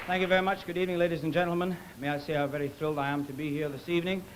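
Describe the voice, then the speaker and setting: A Scottish man, a singer and comedian, delivering quick self-mocking stage patter on a theater stage. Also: on the high side, steady tone, very noisy. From Scotland. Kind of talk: stage patter between songs.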